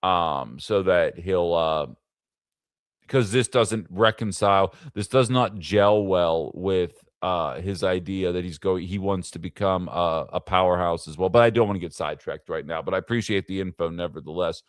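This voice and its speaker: A man's voice: deep voice, moderate pace, smooth, dry recording, clean studio sound. A man hosting a casual political livestream, talking in a rambling way with fillers and asides to his chat. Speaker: livestream political show host.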